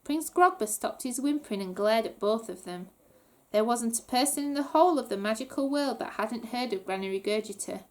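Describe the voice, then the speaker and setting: Woman reading a children's book aloud, high voice, very lively, animated. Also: brisk. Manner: animated storytelling. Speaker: reader.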